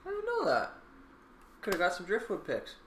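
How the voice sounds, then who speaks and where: A man's voice: high voice, wildly swooping pitch, normal speed, a bit bright. A man co-hosting a podcast in casual chat, chatty and joking, swearing casually. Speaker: podcast co-host. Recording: roomy sound with faint background noise.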